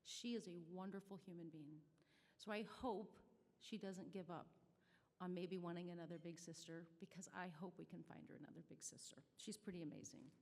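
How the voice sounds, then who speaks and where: A woman's voice: lowish voice, steady tone, a little fast, creaky, darkish tone. A middle-aged woman with a Midwestern American accent, telling a personal story in a chatty, self-deprecating way at a charity brunch. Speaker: nonprofit staff speaker. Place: banquet hall. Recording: reverberant hall audio.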